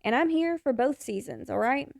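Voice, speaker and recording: A woman's voice: high voice, animated, normal speed, creaky, a little mellow, no room sound, studio quality. A young adult woman hosting a podcast, giving frank, encouraging advice in a casual way and swearing now and then. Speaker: podcast host and photographer.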